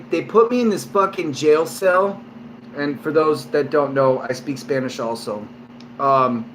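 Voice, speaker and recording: A man's voice: on the high side, slight background noise. A man vlogging at home, a little drunk, telling a long story to camera in a rambling way, with constant swearing and fillers. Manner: rambling and heavily profane, lots of fillers. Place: at home, indoors.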